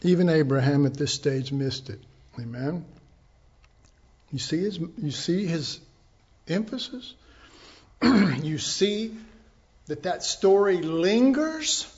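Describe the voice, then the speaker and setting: Slow-talking man preaching a sermon. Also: a little high, lively intonation, darkish tone, highs cut off. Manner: conversational teaching with asides and rhetorical questions. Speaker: pastor.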